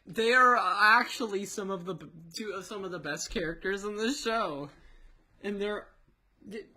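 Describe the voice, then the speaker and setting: A woman's voice: mid-range voice, moderate pace, sharp tone. A woman giving sarcastic casual commentary over a video she is reacting to. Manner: sarcastic, laughing.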